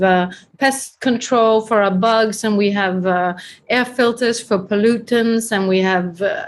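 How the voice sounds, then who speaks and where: A woman with an Italian accent hosting a casual group video call, playful and quick to laugh. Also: medium pitch. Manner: playful, laughs often, animated asides. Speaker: host of group coaching call.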